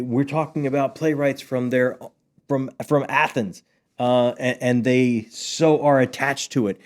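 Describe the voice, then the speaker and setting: A man's voice: mid-range voice, a little mellow. A middle-aged man chatting casually about a book he loved, enthusiastic and rambling, with many fillers. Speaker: book channel host. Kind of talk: casual book review chat.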